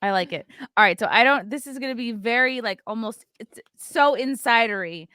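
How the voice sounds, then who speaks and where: A woman hosting a podcast, chatting casually and reading a sponsor spot in an animated, quick-aside way. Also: fairly high pitch, clean tone, no room sound, studio quality. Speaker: podcast host. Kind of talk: casual chat and sponsor read.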